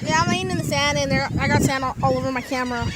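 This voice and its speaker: Excitable teen girl on a windy beach. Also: high voice, very fast. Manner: excitable, shouts at others. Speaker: vlogger. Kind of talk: casual beach vlog. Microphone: handheld phone camera. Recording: loud wind noise on phone mic.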